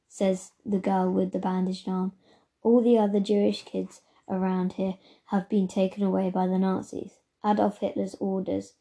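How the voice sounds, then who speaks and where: A woman reading aloud, voicing a kind older girl who gently looks after the younger children. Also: mid-range voice, lightly acted.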